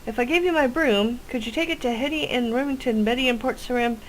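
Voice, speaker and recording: A woman's voice: a little high, fast talker, a little hiss or hum, pitched above the performer's own voice, natural voice, poor audio. A woman voicing a chatty old witch who brews potions and talks in a folksy, rambling way. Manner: folksy, rambling, ends lines with "cha".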